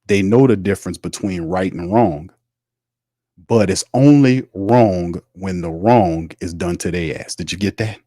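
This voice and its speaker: A man with a deep, low voice delivers fiery sports opinions, preachy and blunt, firing rhetorical questions at his audience. He swears freely as he builds his case. The sound is dry and close, with no room echo. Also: unhurried, warm tone. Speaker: sports podcast host.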